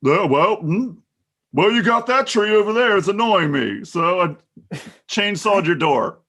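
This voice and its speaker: High-pitched man joking in casual chat. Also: lively intonation, unhurried, a bit bright. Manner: joking, incredulous reactions. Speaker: co-host.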